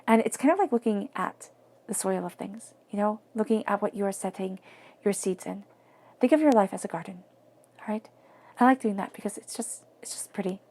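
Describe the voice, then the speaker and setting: A tarot reader, a woman with a medium-pitched, creaky voice, gives a reading in a soft, flowing, reflective manner. At times her voice drops almost to a whisper.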